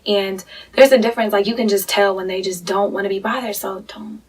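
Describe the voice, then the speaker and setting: A woman's voice: mid-range voice, fairly even intonation, fast, slightly rough, far from the mic, rough recording. A woman with a Southern American accent, chatting casually as a podcast co-host and filling her talk with "like" and "um". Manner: chatty, lots of "like" and "um". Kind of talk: casual chat.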